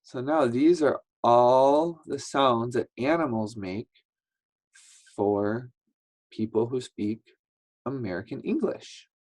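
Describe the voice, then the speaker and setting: A man teaching a slow English lesson to young learners, patient and repetitive, acting out sounds as he explains. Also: mid-range voice, darkish tone. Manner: patient, repeats words, acts out sounds.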